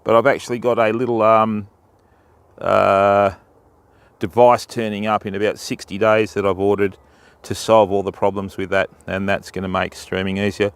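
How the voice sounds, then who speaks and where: A man's voice: lowish voice, flat delivery, normal speed, clear, resonant tone, dry recording. An Australian man chatting casually to viewers on a phone livestream from a riverbank, greeting them by name in a matey way. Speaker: fishing livestreamer. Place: riverbank outdoors.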